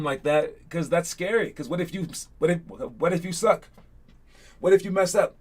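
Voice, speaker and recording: A young man coaching kids online, giving a rambling, energetic pep talk and running a trivia game. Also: fairly high pitch, normal speed. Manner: energetic, rambling, repeats "all right?". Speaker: basketball coach hosting an online session.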